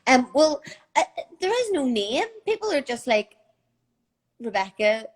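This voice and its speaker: A woman's voice: high voice, very animated, moderate pace. A young woman with a Northern Irish accent, chatting casually as a guest on a live video call from home, with lots of fillers. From Northern Ireland.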